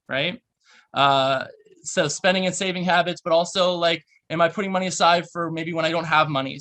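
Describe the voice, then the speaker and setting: A man, a therapist, giving a lively, fast-paced workshop talk and explaining ideas with quick examples. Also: on the high side. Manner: fast-talking, animated, explanatory.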